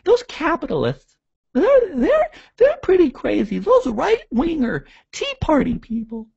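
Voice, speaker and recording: A man voicing a smug, whiny liberal, a high nasal parody. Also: huge pitch swings, unhurried, creaky, darkish tone, no echo, exaggerated voice. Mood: mocking. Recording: dull lo-fi audio.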